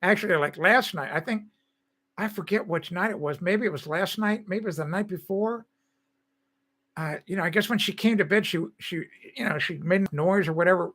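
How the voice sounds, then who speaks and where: A man's voice: high-pitched, normal speed, fairly bright tone. An older man hosting a live stream, chatting casually with viewers in a rambling way and laughing often.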